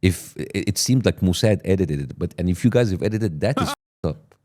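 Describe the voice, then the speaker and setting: A middle-aged man whose first language is Arabic, a guest arguing deliberately and indignantly, stacking up grievances. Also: low-pitched, lively intonation, a little mellow. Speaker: guest on a podcast clip. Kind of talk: pointed interview argument.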